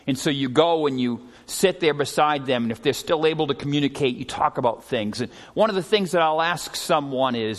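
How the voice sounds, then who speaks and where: A middle-aged man preaching a sermon as a pastor, telling stories earnestly and often slowing and dropping his voice for emphasis. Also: fairly high pitch, expressive. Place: church sanctuary. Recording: long hall reverb.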